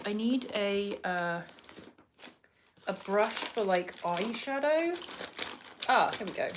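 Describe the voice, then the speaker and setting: A woman's voice: mid-range voice, a bit bright, a little hiss or hum. Chatty woman doing makeup. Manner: rambling, chatty, talks to viewers while doing makeup. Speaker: vlogger. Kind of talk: casual get-ready-with-me chat. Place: at home indoors.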